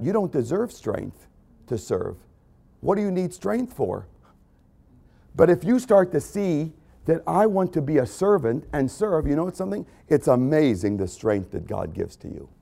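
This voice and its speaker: A man preaching a sermon as pastor, repeating key phrases and swinging between loud emphasis and hushed drops. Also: mid-range voice, gravelly.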